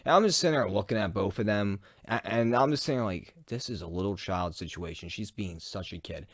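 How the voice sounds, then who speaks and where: A young man telling a casual storytime, rambling and profane, growing loud when worked up. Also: low voice, no room sound, clean studio sound.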